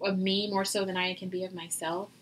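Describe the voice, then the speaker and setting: A woman and mother talking as a guest in a casual interview, animated and quick to act out what people say. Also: fairly low pitch, a little hiss or hum, poor audio. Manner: animated, acts out quoted voices. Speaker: podcast guest.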